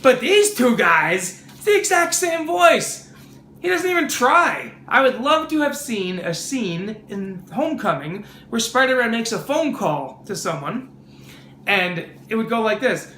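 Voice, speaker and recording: A man's voice: extremely high pitch, very animated, unhurried, bright, forceful tone, roomy sound. A man hosting a casual movie review vlog, sarcastic and mocking.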